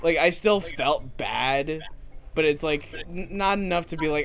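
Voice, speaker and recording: A man's voice: a little high, moderate pace, fairly bright tone. A man co-hosting a gaming channel, chatting casually and joking while he plays. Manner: laid-back, jokey, swears casually. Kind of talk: casual chat over gameplay.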